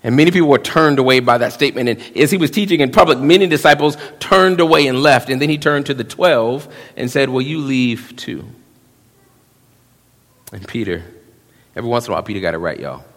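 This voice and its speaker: A man, preaching a sermon, swinging between hushed asides and loud emphasis and acting out quick quotes. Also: medium pitch, expressive. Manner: drops into quick voiced quotes of young men. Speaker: pastor. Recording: long reverb of a church hall.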